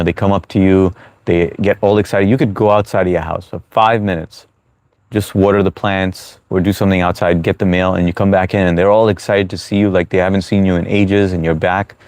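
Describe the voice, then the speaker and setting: A man's voice: deep voice, a little mellow, no echo. A man hosting a live stream in casual chat, reading viewer comments aloud and chatting with them in a laid-back, friendly way.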